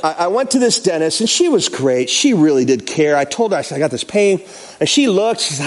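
A pastor telling a personal story in a sermon, acting out the quotes in an animated way. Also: male voice, a little high, brisk.

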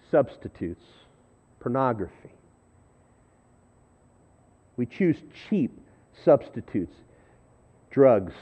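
Male pastor, conversational sermon, animated delivery, tinny phone-quality sound. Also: fairly high pitch. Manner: conversational storytelling, self-deprecating; animated, shifting between loud and hushed. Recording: thin phone-like audio.

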